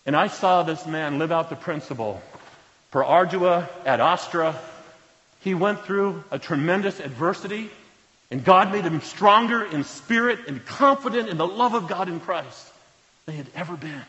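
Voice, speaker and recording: Pastor telling stories in a reverberant hall. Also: male voice, fairly high pitch, expressive, normal speed. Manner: earnest storyteller, dropping to a hush at solemn moments. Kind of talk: sermon storytelling. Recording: reverberant hall, dull lo-fi sound.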